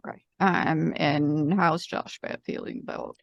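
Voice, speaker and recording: A woman with a somewhat low voice, talking through her turn in a tabletop game. She hesitates and restarts often. The mic sound is dry and close. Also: steady tone, unhurried, creaky, dry recording, lo-fi sound. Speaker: player. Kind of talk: casual tabletop play.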